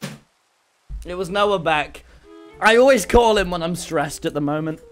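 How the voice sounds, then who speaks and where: Brash young man, lively swings. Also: high-pitched, normal speed, soft background music. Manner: loud, brash, swears, swings into shouting. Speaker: streamer. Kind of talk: casual gaming livestream chat.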